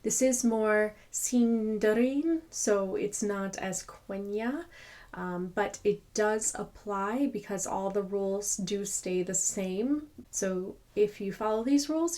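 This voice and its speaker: A woman teaching pronunciation, repeating each sound slowly to demonstrate it. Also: mid-range voice, dark tone. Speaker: language teacher. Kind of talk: slow pronunciation lesson.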